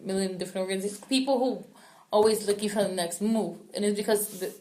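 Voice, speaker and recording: A woman's voice: mid-range voice, fast talker, darkish tone, poor audio. A woman co-hosting a podcast in casual chat, laughing often and restarting her sentences as she talks. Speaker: podcast co-host.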